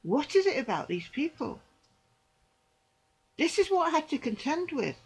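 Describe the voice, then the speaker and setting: A woman's voice: sits high, sing-song, normal speed, poor audio. A middle-aged woman giving a personal testimony, indignant and emphatic, repeating phrases for emphasis. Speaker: vlogger recounting church experiences.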